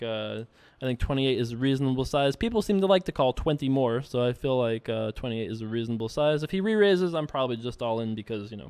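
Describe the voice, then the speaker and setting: A man's voice: mid-range voice, a little mellow, smooth, no echo. A man casually commentating his own online poker session, thinking aloud and joking at himself.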